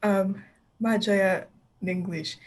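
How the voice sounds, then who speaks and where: A woman's voice: medium pitch, steady tone, slow pace, darkish tone. Hesitant woman student asking a question. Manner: hesitant, uses many fillers.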